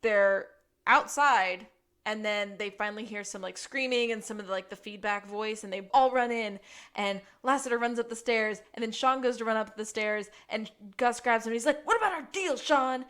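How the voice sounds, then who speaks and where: A woman co-hosting a podcast, casually recapping a TV episode and acting out lines in a high, excited voice. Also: moderate pace. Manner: animated, acts out quoted lines in a high voice. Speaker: podcast co-host.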